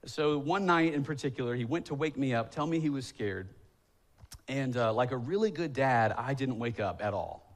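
A man's voice: medium pitch, expressive, moderate pace. A man in his thirties, a pastor preaching a sermon in a church, telling stories with self-deprecating humor and acting out pleading prayers. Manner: acts out quoted voices, rising to emphatic pleading. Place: church sanctuary.

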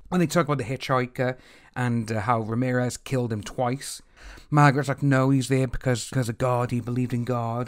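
Chatty man recapping a TV episode. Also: mid-range voice. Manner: chatty recap with acted-out quoted reactions. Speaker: TV series reviewer. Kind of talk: casual episode recap and review.

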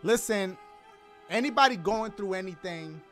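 A man with a high, bright, sharp voice chats loosely on a game livestream. He reads donations aloud, slips into slang and throws in playful jokes, with faint music playing behind him. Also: expressive, moderate pace. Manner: loose slangy banter with joking asides. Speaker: gaming streamer. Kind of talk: casual livestream chat reading donations.

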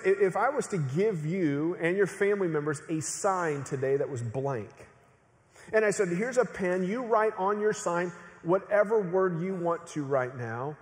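A middle-aged male pastor preaching a sermon in an earnest way, building to emphatic peaks and slowing for dramatic pauses. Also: sits high. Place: large church auditorium. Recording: long hall reverb.

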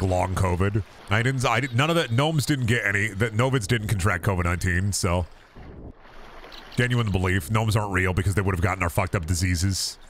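A man's voice: on the low side, a little hiss or hum. A man streaming a game, rambling and joking with heavy swearing. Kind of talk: casual stream commentary.

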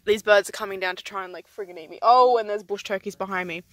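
A young woman vlogging on an outdoor picnic, excitable and giggly and swearing freely. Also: mid-range voice, fast, no echo. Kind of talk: casual vlog chat. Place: outdoors in a rainforest picnic area. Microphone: handheld camera.

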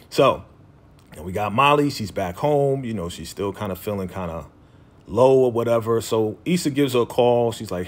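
A man's voice: mid-range voice, animated, moderate pace. A man talking casually as a TV recap vlogger, loosely quoting characters in his own voice with lots of fillers. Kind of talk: casual chat.

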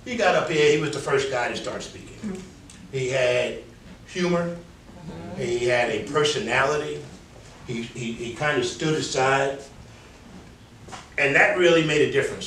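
With a medium-pitched, fairly bright voice at normal speed, a New York-accented speaking coach offers frank, chatty critiques to his class, imitating the fillers he's correcting. The audio is echoey and distant, with a little hiss or hum.

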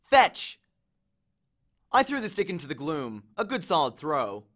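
Animated man reading a story aloud. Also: on the high side, brisk. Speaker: audiobook reader.

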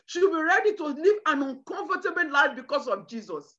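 A woman preaches a fervent sermon in a high, sharp, bright voice, breaking into shouted bursts. The recording sounds dull and lo-fi. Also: expressive, a little fast. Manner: emphatic preaching with shouted bursts and cries of hallelujah. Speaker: preacher at a women's conference.

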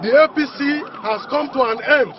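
A man's voice: extremely high pitch, moderate pace. A man giving an impassioned, indignant public statement as a protester. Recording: dull lo-fi sound with a crowd.

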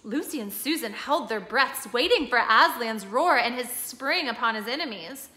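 A woman reading a storybook aloud with steady, expressive storytelling, now and then stopping to explain a picture. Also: a little high, normal speed. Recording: echoey room.

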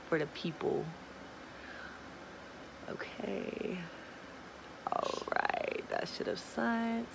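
A young woman vlogging casually, talking, swinging between murmured asides and excited squeals. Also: lowish voice, drawn-out words, gravelly, pauses often, background noise. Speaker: small business owner launching an online store. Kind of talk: casual vlog chat.

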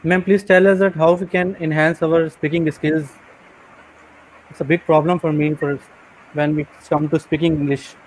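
Guy in an online english class asking stuff, earnest, kinda halting, slightly high voice. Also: level tone, slight background noise, low-quality recording. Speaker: student asking questions. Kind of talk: question in a live class.

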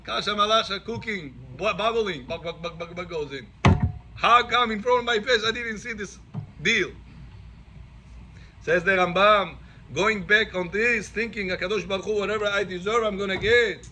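A high-pitched man leads a class as a rabbi, telling stories and acting out each exchange. He delivers it with lively animation. The recording carries a clear layer of background noise. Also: moderate pace. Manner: animated, acts out dialogue in stories. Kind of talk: storytelling Torah class.

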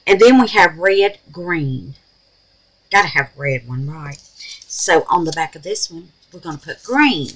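Southern lady doing a crafting video, low-ish bright voice, folksy, keeps calling folks honey. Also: expressive, a little slow, low-quality recording. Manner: folksy, calls viewers babies and honey, talks to herself as she works. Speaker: resin craft channel host. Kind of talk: chatty crafting tutorial.

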